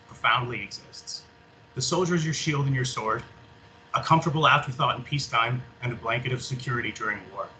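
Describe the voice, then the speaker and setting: Canadian soldier guy, sharp bright voice, earnest and a bit shaky, faint hiss. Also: mid-range voice, poor audio. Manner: earnest, halting, emotional. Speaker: soldier giving a talk. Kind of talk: reading a prepared speech. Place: public library event room.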